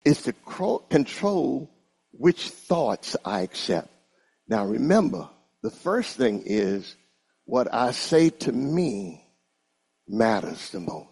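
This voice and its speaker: A man preaching a lively sermon to his congregation, drawing his words out slowly and unhurriedly. His voice is gravelly and husky. His pitch leaps high and drops low as he calls on listeners to answer him back. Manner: animated, call-and-response with congregation.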